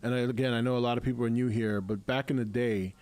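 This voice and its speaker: A man's voice: mid-range voice, steady tone, fast talker, a little mellow. A middle-aged man hosting a casual live stream, chatty and laughing often, with many restarts.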